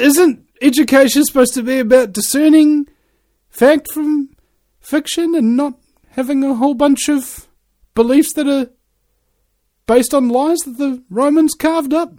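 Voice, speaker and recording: Man, rambling monologue, heavy swearing, ranting, rhetorical questions, very animated pitch.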